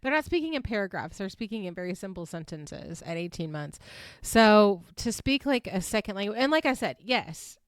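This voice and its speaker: A tired woman hosts a casual podcast recapping reality TV, chatting, giggling and rambling with lots of "like"s. Her mid-range voice swings widely in pitch at a moderate pace, with a clean tone and no room sound.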